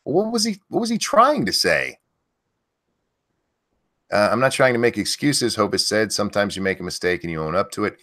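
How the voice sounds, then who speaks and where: A low-voiced man hosts a live-stream news rant. He talks bluntly and sarcastically and swears freely. His voice jumps up loud when something annoys him. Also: very animated, moderate pace, pauses often. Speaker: streamer host reading news.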